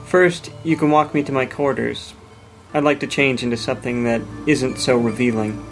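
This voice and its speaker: A man's voice: medium pitch, fairly even intonation, moderate pace, soft background music, lightly acted, low-quality recording. A man voicing a weary, subdued young woman. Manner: subdued, quiet.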